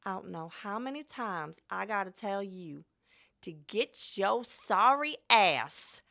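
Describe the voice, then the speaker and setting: A stern old grandmother with a Southern US accent scolds her grandchildren, dragging her words out slowly, as a woman puts her on. Her voice is gravelly and bright. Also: medium pitch, animated, exaggerated voice. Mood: scolding.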